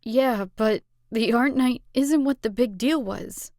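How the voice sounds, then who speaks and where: A wounded teenage best friend, voiced by a woman, speaking slowly and a little higher than the narration in a storybook reading. The sound is dry and close. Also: a little mellow, dry recording. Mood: hurt. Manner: slow, wounded delivery. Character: hurt teenage girl, best friend, tearful.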